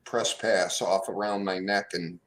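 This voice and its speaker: A man in casual chat with friends, tossing in quick jokes and laughing often. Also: low-pitched, fairly even intonation, fairly bright tone, slight background noise, rough recording. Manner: joking, quick quips, laughs a lot.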